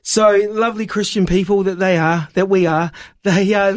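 High-voiced New man telling a story. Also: fairly quick. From New Zealand. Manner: animated storyteller, voice climbing high when excited. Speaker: evangelist guest. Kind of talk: storytelling on a radio show.

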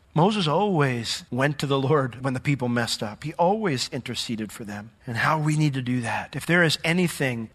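A man preaching a sermon as pastor, animated and acting out the voices he quotes. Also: fairly high pitch, long reverb tail. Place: church sanctuary.

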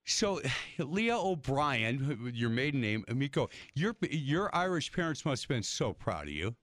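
Animated older man telling stories. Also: medium pitch, a little slow, no echo, studio quality. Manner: animated storyteller, acts out quotes. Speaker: radio host. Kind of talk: casual interview chat.

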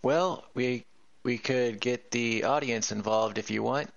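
A man co-hosting a radio talk show, speaking haltingly with many fillers, over dull lo-fi audio. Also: mid-range voice, gravelly, dry recording. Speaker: co-host.

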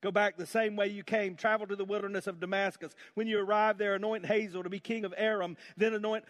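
A man's voice: high-pitched, level tone, a bit bright. A man voicing God, firmly giving instructions to a prophet. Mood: commanding. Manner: firm, instructing, measured. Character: commanding divine male voice giving orders. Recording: long hall reverb.

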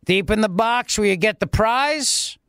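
Man mocking a boastful governor, pompous, slow drawl, high-ish male voice. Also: lively intonation, a bit bright, smooth, no echo. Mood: smug. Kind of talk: mocking impression.

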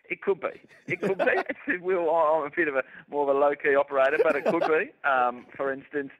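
A man's voice: a little high, normal speed. An Australian man, a cricket commentator, chatting casually as a radio guest, telling stories and laughing easily. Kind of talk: casual radio chat over the phone. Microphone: phone. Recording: tinny phone line.

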